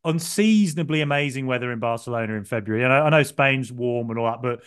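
A man's voice: mid-range voice, fast, a bit bright, clear, resonant tone. A man co-hosting a football podcast, telling a long story in a rambling, self-deprecating way with lots of fillers. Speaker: podcast co-host. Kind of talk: casual podcast chat.

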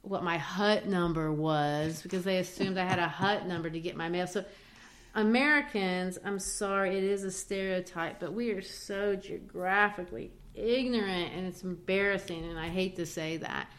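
A woman from Brazil talks through a play's scenes in an animated, conversational way, quoting lines as she goes. Her voice sits somewhat low. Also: normal speed. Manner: animated storytelling, quoting characters. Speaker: guest discussing a play. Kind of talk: conversational literature discussion.

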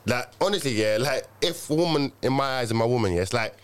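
A young man, chatting loosely in a group podcast. He speaks fast with a lively, swinging pitch. His talk is full of slang and repeated starts. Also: clean tone. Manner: fast, animated, lots of restarts and slang. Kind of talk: casual group chat.

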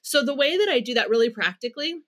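A middle-aged woman speaking as a parenting expert in an interview. Her voice sits a little high, and she explains with earnest care, now and then acting out short bits of dialogue to show what she means. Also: animated, fast, fairly bright tone.

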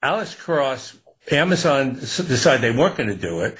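An older man, an author being interviewed, talking in a relaxed, rambling way with frequent restarts. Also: medium pitch, moderate pace, husky. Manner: relaxed, rambling, laughs often. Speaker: author guest. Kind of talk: casual interview talk.

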